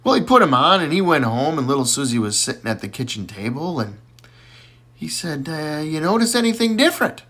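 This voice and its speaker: Man, folksy joke teller, animated pitch, casual delivery. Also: brisk, husky. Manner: folksy storyteller, plays each character with a raised voice.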